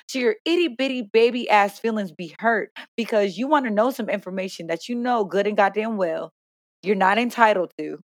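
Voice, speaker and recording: A woman's voice: mid-range voice, no room sound, clean studio sound. A young woman co-hosting a casual chat, blunt, profane and playful, laughing often. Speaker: podcast co-host.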